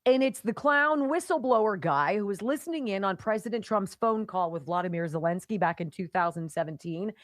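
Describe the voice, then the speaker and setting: A woman's voice: medium pitch, animated, a little fast, few pauses, no room sound, studio quality. A woman hosting a talk radio show, delivering an opinionated monologue with sarcastic, mocking asides. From Pittsburgh area.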